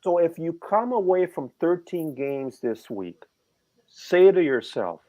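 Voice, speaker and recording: A man's voice: a little high, big pitch swings, takes it slowly, mellow. A middle-aged man co-hosting a sports betting show, talking casually and animatedly, rambling and firing off rhetorical questions.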